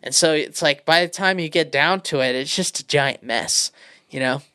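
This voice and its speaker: A man's voice: on the high side, normal speed, bright, forceful tone, clean tone. A man co-hosting a podcast in casual chat, rambling and swearing freely with many fillers. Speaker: podcast co-host.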